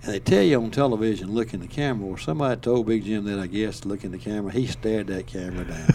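A man's voice: lowish voice, fast talker, dark tone, a little hiss or hum. Older Alabama man telling folksy stories. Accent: Southern US, Alabama. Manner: folksy, rambling, chuckles often. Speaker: storyteller. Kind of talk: casual storytelling.

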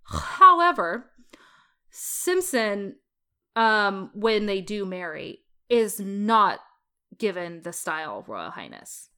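Bright-voiced chatty woman telling history. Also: mid-range voice, big pitch swings, slow pace, smooth. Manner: chatty storyteller, playful asides. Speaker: podcast co-host. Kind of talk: casual history chat.

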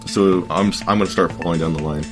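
A man playing a tabletop game, brash and quick to laugh. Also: low-pitched, steady tone, music in the background. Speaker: player. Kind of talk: tabletop banter.

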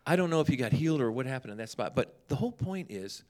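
A man with a mid-range voice talks fast in a casual chat, a guest sharing funny stories from his ministry. He's an animated, humorous storyteller who acts out the dialogue and the people in them.

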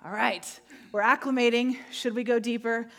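A woman preaching a sermon, telling stories vividly and slowing down to stress key points. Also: on the high side. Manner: animated storytelling, acting out moments; slow emphatic phrasing on key points. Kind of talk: sermon with personal storytelling.

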